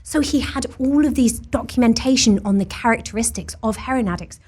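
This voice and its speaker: A woman's voice: on the high side, brisk, darkish tone, breathy edge. A young British woman chatting as a guest, talking in loose restarts and fillers. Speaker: guest actor. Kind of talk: casual chat.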